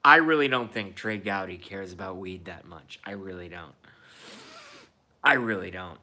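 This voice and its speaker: A man's voice: low-pitched, moderate pace, bright, forceful tone. A man in his thirties ranting in a profane, repetitive and indignant monologue. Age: 30s. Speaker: vlogger.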